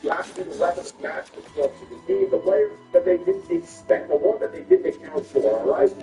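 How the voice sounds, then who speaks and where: A man calling a hockey video game from Canada, his high, dark voice leaping all over the place as calm play-by-play breaks into loud cursing outbursts. He sits a bit back from the mic in an echoey room, with faint music playing underneath. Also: fairly quick, distant mic. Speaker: gaming commentator.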